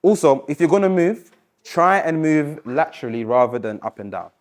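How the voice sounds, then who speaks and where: A man coaching a live public speaking workshop, encouraging and lively, slowing down and dropping his voice to stress points. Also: fairly high pitch. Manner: energetic, encouraging, varies pace and loudness for emphasis. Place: university lecture room.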